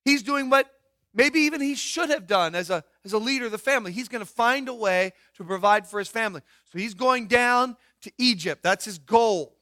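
A man's voice: very high-pitched, fairly quick, bright, forceful tone, no room sound, clean studio sound. A man preaching a sermon in an emphatic way, asking rhetorical questions and dropping his voice to stress points. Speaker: pastor.

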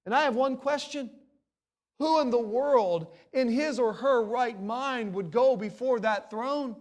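A pastor in middle age delivers a sermon in a notably high voice for a man. He preaches with drama, rising to loud exclamations and then dropping into low, hushed passages. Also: a little slow.

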